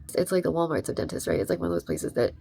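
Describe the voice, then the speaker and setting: A woman's voice: low-pitched, sing-song, rapid-fire, gravelly, dark tone, dry recording. A young adult woman telling a rambling, emphatic story in a casual vlog, full of "like" and "right?". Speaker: vlogger.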